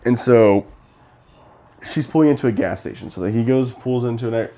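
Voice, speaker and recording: A man's voice: medium pitch, moderate pace, warm tone. A young man co-hosting a casual movie review, retelling scenes with animation and acting out the characters' lines. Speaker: podcast co-host.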